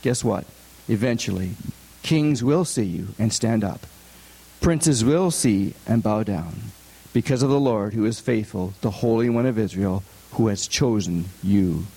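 A man's voice: fairly low pitch, a little slow, vocal fry, dark tone, slightly rough. A man giving a conversational sermon, often asking his listeners rhetorical questions. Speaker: preacher. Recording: long hall reverb.

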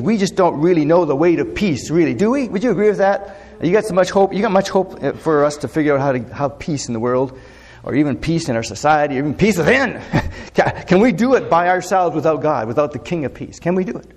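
Higher-voiced male pastor in an echoing hall. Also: darkish tone. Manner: conversational, questions the congregation often, many fillers. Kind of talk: sermon. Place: church sanctuary. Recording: long echo of a large hall.

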